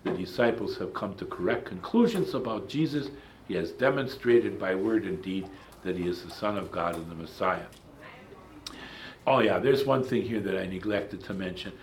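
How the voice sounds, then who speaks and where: A low-pitched man leads a Bible class, speaking emphatically and wandering into side remarks. He often breaks off to restart a thought, and there is a faint hum behind his voice. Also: normal speed. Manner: emphatic, digressive, with asides and restarts. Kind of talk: Bible study lecture.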